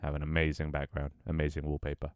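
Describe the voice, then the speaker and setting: A man's voice: rumbling low, completely flat delivery, quick pace, clean tone, no room sound, studio quality. A tired, out-of-breath young man chatting casually with his livestream audience, sighing and swearing offhandedly. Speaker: Twitch streamer.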